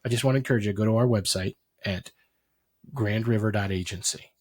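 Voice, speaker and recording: A man co-hosting a marketing podcast, chatting casually with quick asides and frequent restarts. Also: fairly low pitch, a little mellow, slightly rough. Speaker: podcast co-host.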